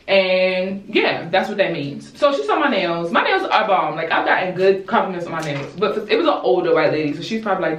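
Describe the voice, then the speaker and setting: A young woman from Baltimore chatting casually with viewers while she does her hair, animated and blunt, calling them y'all and swearing freely. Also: lowish voice, brisk. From Baltimore, USA. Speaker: YouTuber. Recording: roomy echo, distant mic.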